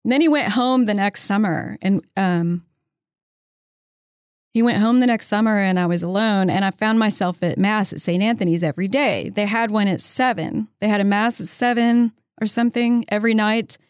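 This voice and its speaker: A woman in her fifties, an interview guest telling her story in a casual, animated way, often slipping into the voices of the people she quotes. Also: mid-range voice, normal speed, no echo, studio quality. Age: 50s. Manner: chatty, with frequent "um" and "you know".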